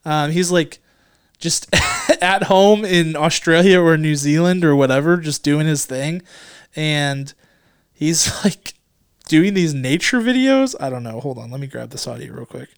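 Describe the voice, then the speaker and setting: A man co-hosting a podcast in casual chat, joking and rambling, sometimes dropping into quick low mutters. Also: clear, resonant tone, no echo, clean studio sound. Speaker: podcast co-host.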